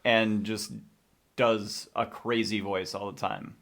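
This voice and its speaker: A man's voice: lowish voice, level tone, slow pace, a bit bright. A man co-hosting a podcast in casual movie talk, chatty and opinionated, laughing easily. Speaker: podcast co-host.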